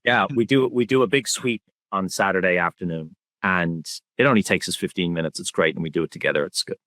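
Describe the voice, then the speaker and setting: A man with a very low, deep voice speaks as a podcast guest, soft-spoken and candidly reflective. The recording is dry and close, with no room sound. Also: a little fast, no room sound. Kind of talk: reflective conversational interview.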